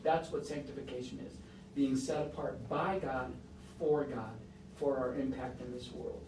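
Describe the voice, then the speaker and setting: A man preaching a sermon, telling a story with emphatic rises and soft, hushed moments. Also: medium pitch, steady tone, normal speed, noisy background. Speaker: pastor. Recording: roomy echo, mic at a distance.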